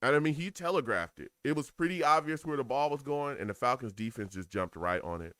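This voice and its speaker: Animated New York man reacting live. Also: mid-range voice, brisk, no room sound, studio quality. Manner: animated, laughs a lot, reads chat aloud. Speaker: live game reaction streamer. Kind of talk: casual live chat commentary.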